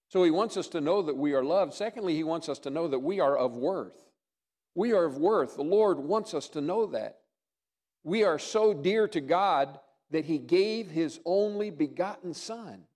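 A middle-aged man preaching a sermon to his congregation, earnest, slowing down and dropping softly on key lines. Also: on the high side. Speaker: pastor.

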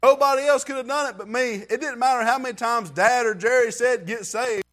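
A man's voice: very high-pitched, fairly quick, fairly bright tone. A man reading scripture aloud and giving an earnest, heartfelt testimony in plain everyday grammar. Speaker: church member giving testimony.

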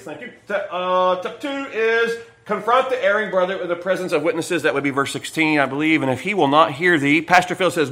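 In an echoey church sanctuary, a male pastor delivers a midweek sermon in a high-pitched, sharp voice. His style is folksy storytelling laced with jokes that drive home his point.

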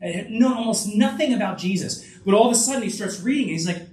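A man preaching a sermon in an earnest, conversational way, often restarting phrases. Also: fast. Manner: earnest, with frequent restarts and lively rises in pitch. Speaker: pastor. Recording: echoey room, voice from a distance.

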